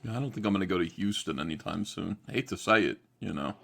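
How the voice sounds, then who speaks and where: A blunt man from New Jersey sits in as a guest on a casual panel chat. His voice sits fairly low, and he rants and swears freely. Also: fast, vocal fry, heavy background noise. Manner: blunt, profane, ranting.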